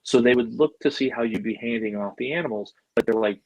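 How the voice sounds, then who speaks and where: A man's voice: medium pitch, fast talker, dry recording, highs cut off. A middle-aged man from Buffalo, telling stories as a podcast guest in a loose, chatty way, full of "like" and "you know" and casual swearing. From Buffalo, New York, USA. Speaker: podcast guest, animal handler. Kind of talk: casual storytelling.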